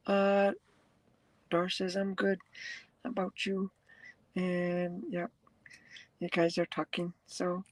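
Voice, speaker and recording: A truck driver rambles through a live-stream chat, greeting viewers and reading their comments, with frequent laughs. The voice is husky and gravelly and takes its time, and the sound is close and dry. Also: mid-range voice, no room sound, poor audio. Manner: laughs often.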